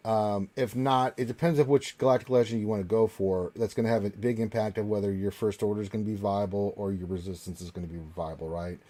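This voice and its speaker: A man hosting a casual live Q&A panel, reading out viewer questions and answering in a relaxed, rambling way with plenty of fillers. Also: on the low side, fast, hardly any pauses.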